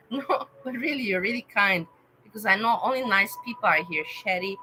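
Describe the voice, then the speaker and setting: Bright-voiced woman chatting on a livestream. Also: mid-range voice, a little fast, a little hiss or hum, low-quality recording. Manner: emotional, rambling, addresses chat viewers by name. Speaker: livestream host chatting with viewers. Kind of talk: casual live-stream chat.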